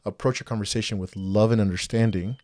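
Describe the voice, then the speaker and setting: Man, podcast co-host, low voice, rambling casual talk, dry close mic. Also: steady tone, quick pace, darkish tone, no echo. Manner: rambling, with many restarts and quoted dialogue.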